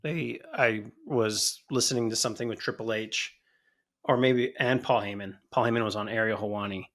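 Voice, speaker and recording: Laid-back joking podcast host. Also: male voice, fairly low pitch, normal speed. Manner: relaxed, joking, trails off. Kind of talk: casual wrestling chat.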